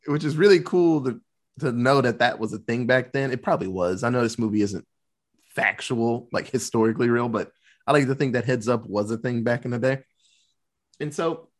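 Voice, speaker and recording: Male podcast host, loose rambling recap delivery, average pitch, filler-heavy. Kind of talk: casual movie recap chat.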